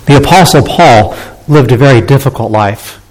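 A pastor reading scripture and leading a congregation in prayer, in a measured, solemn manner. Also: male voice, mid-range voice, darkish tone, low-quality recording. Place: church sanctuary.

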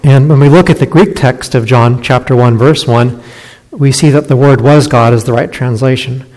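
A man giving a teaching sermon, explaining a scripture passage and slowing down on key phrases. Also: medium pitch, a little mellow, a little hiss or hum. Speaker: preacher. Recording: long hall reverb.

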